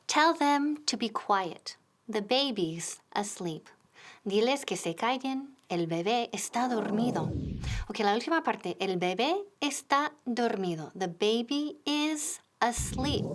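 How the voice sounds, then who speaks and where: A woman teaching English in a TV lesson, modeling example phrases slowly and clearly. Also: fairly high pitch, background noise. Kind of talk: bilingual language lesson.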